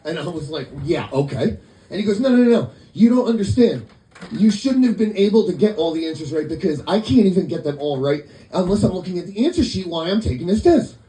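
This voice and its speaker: Deadpan stand-up man, lively pitch. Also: fast talker, echoey room, rough recording. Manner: deadpan storytelling with quoted voices. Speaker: stand-up comedian. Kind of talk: stand-up set. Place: comedy club.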